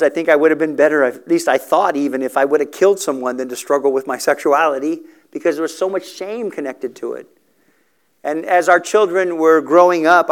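A man's voice: on the high side, clear, resonant tone. A middle-aged man telling a story in a sermon for a recovery ministry, earnest and emotional, acting out the dialogue.

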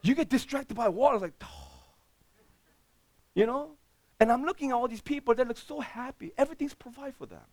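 A man preaching a sermon as pastor, speaking with dropped articles and swinging between loud outbursts and quiet asides. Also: very high voice, fast talker, no room sound. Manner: plain broken English with dropped articles.

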